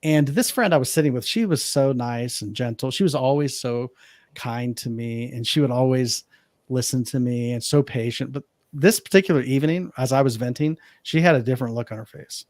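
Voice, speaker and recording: This man, a life coach appearing as a podcast guest, speaks at medium pitch and a little quickly, with a darkish tone and no echo. Earnest and reflective, he tells a personal story and acts out dialogue he remembers.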